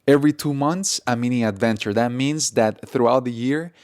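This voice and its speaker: A man's voice: mid-range voice, normal speed, a little mellow, dry recording, clean studio sound. A man co-hosting a casual podcast conversation, earnest, laughing easily and repeating his points. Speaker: podcast co-host.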